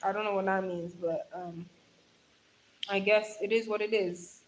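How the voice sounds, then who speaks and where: A woman's voice: medium pitch, steady tone, a little slow, poor audio. A young woman hosting a livestream, chatting affectionately with viewers, calling them darling and laughing often, speaking into a phone held in her hand. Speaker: livestream host. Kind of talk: casual livestream chat reading comments.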